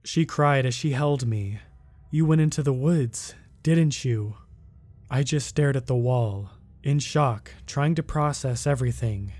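A man narrating a first-person scary story in a steady, measured way. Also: medium pitch.

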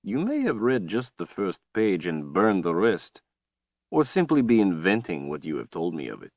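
A man voicing a cruel, menacing male tyrant wizard in an audiobook, speaking slowly and tauntingly. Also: low-pitched, huge pitch swings, no room sound, muffled recording, exaggerated voice. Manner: slow, taunting, drawn-out delivery. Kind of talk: audiobook character voice.

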